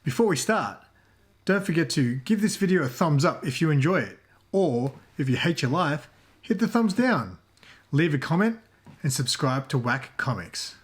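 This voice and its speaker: A man's voice: mid-range voice, animated, moderate pace. Brash, swearing Australian man ranting. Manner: brash, profane, mock-aggressive. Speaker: comedy show host. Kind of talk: crude comedic rant.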